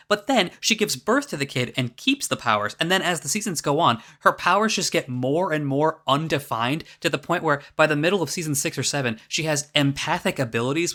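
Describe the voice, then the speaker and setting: A man with a bright, forceful voice delivers sarcastic, exasperated commentary as the host of a video essay. He swears freely and sounds fed up. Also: medium pitch.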